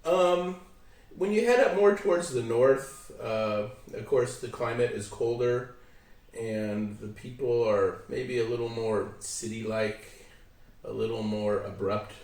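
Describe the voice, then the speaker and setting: A man from San Diego with a Western American accent, explaining things in a relaxed, friendly way as an interview guest. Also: mid-range voice, a little slow. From San Diego, California. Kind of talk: casual interview. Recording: echoey, from a distance.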